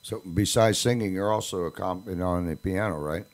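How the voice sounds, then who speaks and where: A man's voice: sits low, brisk. An older man hosting a radio interview, joking in a folksy, casual way. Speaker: radio show host.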